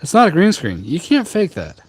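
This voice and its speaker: A man's voice: fairly high pitch, moderate pace, breathy edge. Joking man livestreaming from a rooftop. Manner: jokey, rambling, deadpan humor with many ums and uhs. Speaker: tea livestream host. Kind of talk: casual live-stream chat reading viewer comments. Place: outdoors on a rooftop garden.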